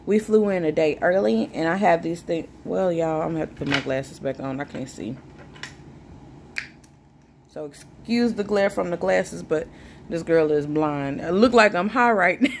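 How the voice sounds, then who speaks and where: A woman's voice: fairly low pitch, moderate pace, a little hiss or hum. A woman, chatting casually and jokingly to her viewers. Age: 20s. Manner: chatty, joking, sips a drink while talking. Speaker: vlogger. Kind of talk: casual chat to camera.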